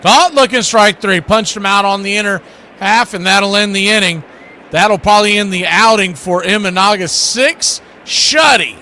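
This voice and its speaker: Man, radio baseball play-by-play host, folksy, chatty, somewhat high voice, noisy background. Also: moderate pace, pushed and bright. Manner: folksy, chatty, asides between pitches.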